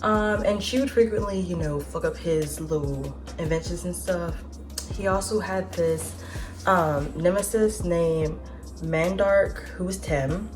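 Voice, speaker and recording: A woman in her twenties talks through a casual vlog in a slightly low voice. She is chatty and slangy, tosses in swears and side remarks, and music plays clearly in the background. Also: a little slow. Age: 20s. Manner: chatty, slangy and profane, with asides and laughs. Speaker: vlogger host. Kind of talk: casual nostalgic chat.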